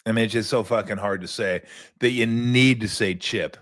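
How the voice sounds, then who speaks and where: An older man hosts a sports talk show in a loose, rambling monologue, tossing in profane and sarcastic asides. His voice sits on the low side. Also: moderate pace, a bit bright.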